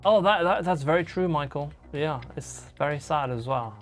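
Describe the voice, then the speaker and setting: A woman's voice: low-pitched, lively intonation, normal speed, faint music behind. A woman live-streaming from a home room, chatting casually and reading viewer comments aloud as she answers them.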